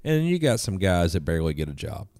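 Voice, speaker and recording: A man telling stories as a guest in a casual podcast conversation, profane and animated. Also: low voice, quick pace, clear, resonant tone, dry recording, clean studio sound.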